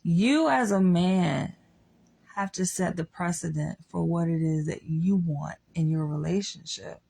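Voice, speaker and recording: Young woman vlogging, low gravelly voice, slow and frank, swears a lot. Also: dark tone. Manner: blunt, swears freely, frank opinions. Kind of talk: candid monologue.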